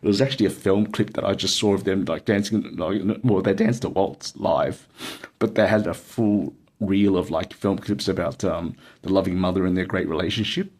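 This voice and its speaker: A low, husky Australian man spins a loose, meandering story. He leans on "um" and "like," circles back on himself, and laughs his way through it. It sounds like an easygoing personal tale told straight to camera. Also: moderate pace, darkish tone. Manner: rambling, many fillers and laughs. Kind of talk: casual anecdote telling.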